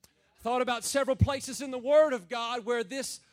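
A man preaching a sermon, dropping low and slow, then building to loud, shouted emphasis. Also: fairly even intonation. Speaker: pastor.

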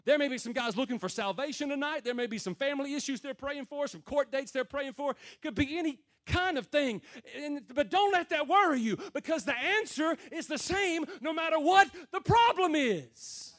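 A man preaching a sermon to a room of men, plain and folksy, rising to loud calls and dropping to low murmurs. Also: lively intonation, moderate pace. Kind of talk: sermon to a men's gathering.

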